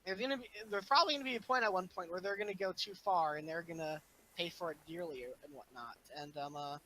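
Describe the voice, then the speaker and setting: A man talking casually on a podcast, rambling with lots of fillers and animated swings in emphasis. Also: high voice, fast, low-quality recording. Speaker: podcast guest. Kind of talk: casual chat.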